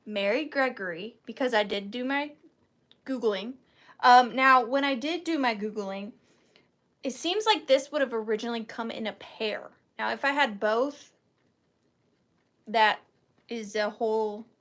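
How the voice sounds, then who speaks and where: A woman's voice: a little high, fairly bright tone. A woman hosting a live online auction, chatting playfully and joking at her own expense. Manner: chatty, playful, self-mocking; counts down bids aloud.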